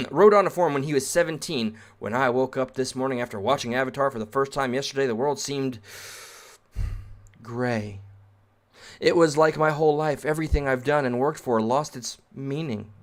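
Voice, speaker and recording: A man's voice: mid-range voice, moderate pace. Sarcastic man ranting over an article. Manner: sarcastic, rambling asides while reading aloud. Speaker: streamer reading and reacting to an article. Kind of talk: casual reaction rant.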